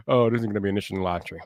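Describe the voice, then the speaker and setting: A man hosting a tech live stream in casual chat, hyping it up playfully and shouting greetings to his chat. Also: fairly low pitch, dry recording, clean studio sound.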